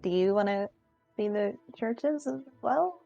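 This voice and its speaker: A woman's voice: medium pitch, expressive, a little slow, creaky, dull audio, soft background music. A woman playing a tabletop role-playing game, speaking hesitantly. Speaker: player. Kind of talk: tabletop role-play chat.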